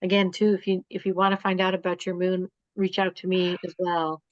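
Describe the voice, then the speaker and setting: Woman astrology reader, halting rambly delivery, lo-fi dry recording. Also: lowish voice, little pitch movement, no room sound. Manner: rambling, halting with many fillers. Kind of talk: spiritual live-stream talk. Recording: dull dry lo-fi sound.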